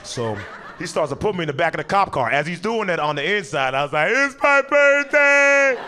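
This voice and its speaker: A young man performing a stand-up comedy set on stage, telling a story with animated delivery and sudden jumps in pitch when he acts out characters. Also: fast talker. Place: comedy stage before a live audience.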